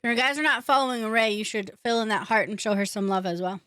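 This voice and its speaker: A woman's voice: a little high, fast, a bit bright, clean tone, no room sound, clean studio sound. A young woman streaming a game, chatting casually, joking and laughing, talking while eating. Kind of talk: casual gaming stream chat.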